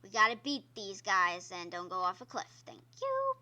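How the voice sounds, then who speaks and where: A woman's voice: mid-range voice, a little fast, bright, forceful tone, dull audio. A woman streamer giving casual gameplay commentary, chatty and exclaiming at the game while talking to her viewers. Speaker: gaming streamer. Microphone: own microphone.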